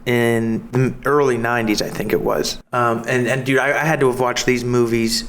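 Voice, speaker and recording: A man's voice: mid-range voice, level tone, moderate pace, a bit bright, slight background noise. Thirty-year-old man telling stories. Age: 30s. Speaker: podcast co-host. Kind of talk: casual chat. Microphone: remote call.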